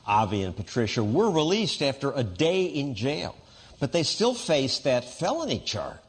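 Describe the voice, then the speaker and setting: A man narrating a news report in a measured, probing way, asking pointed questions. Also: medium pitch, very animated, slightly rough, big-room sound.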